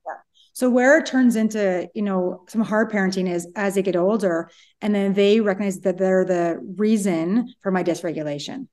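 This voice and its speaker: A woman in her forties, a psychologist co-hosting a chat podcast, telling stories quickly and acting out what people said. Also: medium pitch. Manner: quick animated storytelling, acts out quotes. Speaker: podcast co-host, relationship psychologist. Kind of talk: casual chat.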